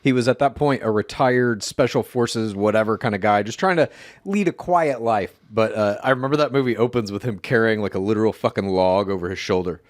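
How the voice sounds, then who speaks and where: A man's voice: lowish voice, fairly quick, no echo, studio quality. A man co-hosting a comedy podcast, explaining ideas in an easygoing, casual way with some swearing. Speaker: podcast co-host.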